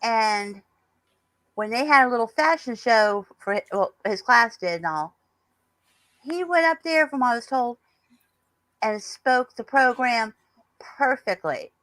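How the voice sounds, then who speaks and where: A woman's voice: fairly high pitch, expressive, unhurried, pauses often, fairly bright tone, dry recording, rough recording. A woman in her fifties chatting casually as a guest, telling stories in a talkative way. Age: 50s. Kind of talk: casual chat.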